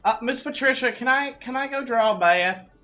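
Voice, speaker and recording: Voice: medium pitch, normal speed, bright, forceful tone, soft background music, pitched above the performer's own voice, close to an everyday voice. A game master voicing a young boy who pleads and insists in a raised voice. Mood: pleading. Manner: pleading, indignant.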